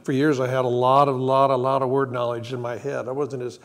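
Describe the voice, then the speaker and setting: Calm reflective older man preaching. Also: medium pitch. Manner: calm, reflective, halting storytelling. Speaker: co-pastor. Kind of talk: conversational sermon. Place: church sanctuary.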